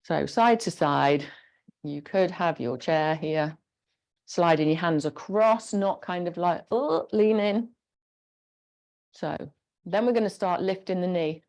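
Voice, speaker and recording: A woman instructor leading a gentle guided exercise class, encouraging and giving step-by-step movement cues. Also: on the low side.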